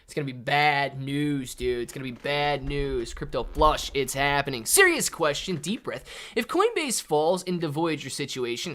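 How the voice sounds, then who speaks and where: Animated slangy male streamer. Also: on the high side. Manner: animated, slangy, says "man" and "dude" often. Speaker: livestream host reading chat. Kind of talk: casual live-stream chat.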